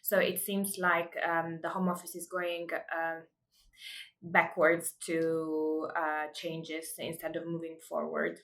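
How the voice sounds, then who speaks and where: Hesitant, flat-voiced woman in a webinar. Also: low voice, slow. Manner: hesitant, many filler sounds. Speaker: immigration law specialist. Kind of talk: webinar presentation.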